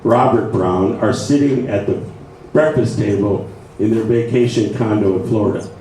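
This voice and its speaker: A man with a lowish, dark-toned voice speaks at normal speed, giving an informal lecture at a writing workshop and often checking in with his listeners. The room is echoey, with faint noise and a distant mic.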